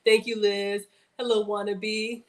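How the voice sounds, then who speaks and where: A woman's voice: medium pitch, flat delivery, slow pace, reverberant. A woman hosting a casual cooking livestream, chatting to viewers as she works. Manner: chatty, addresses viewers as y'all; playful outbursts and sing-song bits.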